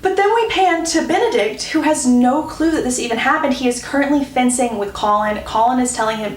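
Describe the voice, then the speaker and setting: A woman's voice: high voice, brisk, hardly any pauses. Chatty gossipy young woman recapping a show. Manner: chatty, gossipy, acts out quotes. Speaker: book and TV recap creator. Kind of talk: casual plot recap narration. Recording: roomy echo, distant from mic.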